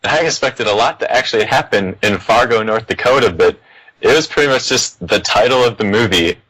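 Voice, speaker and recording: Deep husky young co-host. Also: male voice, expressive, a little fast, fairly bright tone, rough recording. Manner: laid-back, laughs often, hedging fillers. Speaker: podcast co-host. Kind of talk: casual film discussion.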